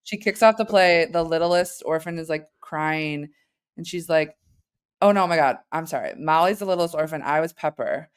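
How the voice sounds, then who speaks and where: A woman guest on a podcast, with a smooth, clear voice. She tells self-deprecating stories in a relaxed, chatty way. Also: low-pitched, moderate pace. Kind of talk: casual chat.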